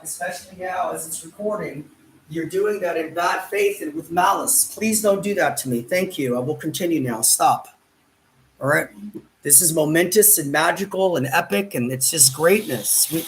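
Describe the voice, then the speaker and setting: A man's voice: on the high side, normal speed, a little hiss or hum. A man recording his own vlog who repeats himself, pleads again and again, and talks in grand terms. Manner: repeats words, pleads over and over, grand wording. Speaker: YouTube vlogger. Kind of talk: self-narrated vlog, arguing off camera. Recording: roomy sound, mic far from the speaker.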